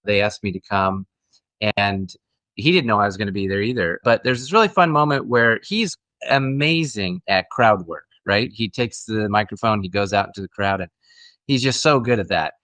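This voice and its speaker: A man's voice: fairly low pitch, expressive, moderate pace, fairly bright tone, no echo. A middle-aged man, an actor guest, telling stories in a friendly, casual interview chat with frequent restarts.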